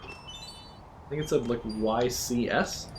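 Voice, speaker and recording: A woman streaming a video game, chatting casually, laughing often and reacting out loud to the game. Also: extremely low pitch, wildly swooping pitch, slow, background noise. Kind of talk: casual live-stream chat while gaming.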